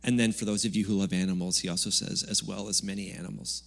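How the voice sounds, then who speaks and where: A man with a lowish voice preaches a Sunday sermon in a relaxed, conversational way. He mixes jokes into the preaching and sometimes gets loud for emphasis. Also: fast talker, vocal fry. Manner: conversational, jokey preaching with sudden loud bursts. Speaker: pastor. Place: church service.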